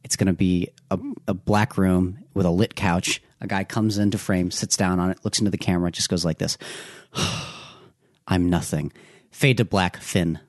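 A man's voice: low voice, fairly even intonation, normal speed, dry recording, clean studio sound. A man co-hosting a casual movie podcast who teases his co-host, laughs often and acts out little bits.

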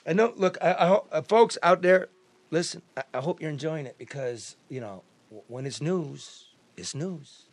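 Loud, profane Midwestern talk show host. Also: male voice, on the high side, animated, moderate pace. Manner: loud, profane, joking, restarts a lot. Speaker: podcast host. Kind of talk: casual chat.

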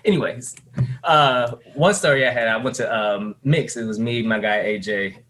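A man co-hosting a casual podcast, telling wild stories in an animated way and laughing through them. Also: mid-range voice, normal speed. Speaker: podcast co-host.

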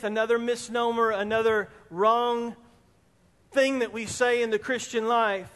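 A man preaching a sermon as pastor of a church, speaking emphatically and rising at times almost to a shout. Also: very high voice. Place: church sanctuary. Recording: long reverb in a hall.

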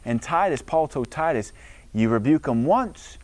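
A man's voice: a little high, lively intonation, a little slow, darkish tone. A middle-aged man preaching a sermon as pastor, emphatic, with a preacherly cadence as he quotes scripture.

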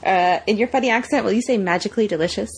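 A woman's voice: fairly high pitch, fast, breathy edge. A woman co-hosting a podcast in casual chat, upbeat and laughing along. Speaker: podcast co-host.

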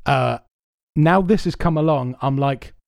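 A man's voice: medium pitch, measured pace, gravelly, a little mellow, no room sound, studio quality. A man hosting a podcast, rambling through his stories with plenty of swearing, amused at himself. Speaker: podcast host. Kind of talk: casual chat.

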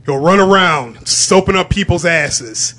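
A man co-hosting a casual comedy chat, pitching a mock-serious idea playfully. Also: lively intonation, unhurried, bright, forceful tone.

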